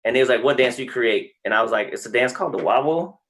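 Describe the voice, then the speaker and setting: Guesting on a podcast, this wrestler from Texas who created the wobble dance spins lively, loose stories, voicing other people and cursing without restraint. He talks quickly in a mid-range, slightly bright voice.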